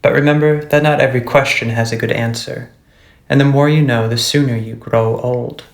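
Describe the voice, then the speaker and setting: Growly old witch done by a guy reading a storybook, gravelly and hushed, echoey room. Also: medium pitch, steady tone, normal speed, lightly acted. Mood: menacing. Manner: threatening. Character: menacing old witch woman, gruff and suspicious.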